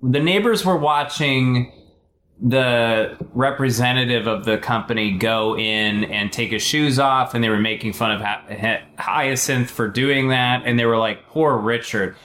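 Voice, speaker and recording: A man's voice: mid-range voice, a little slow, a bit bright, echoey room, slight background noise. A man chatting casually as a podcast co-host, playful, stammering at starts and acting out quoted lines. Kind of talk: casual chat.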